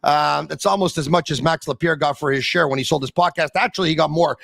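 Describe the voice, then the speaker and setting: A man hosting a sports talk podcast, speaking emphatically with dramatic build-ups and quick asides. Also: a little high, gravelly, a bit bright, dry recording. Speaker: podcast host.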